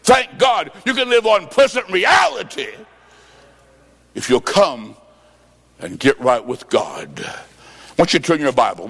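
A man preaching a sermon in an emphatic, folksy way, with sudden shouted bursts and dry humor. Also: mid-range voice.

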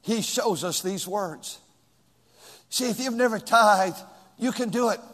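A male pastor preaching a sermon with call and response to his congregation, rising into shouts. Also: high-pitched, a little slow. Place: large church hall with two floors. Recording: long hall reverb.

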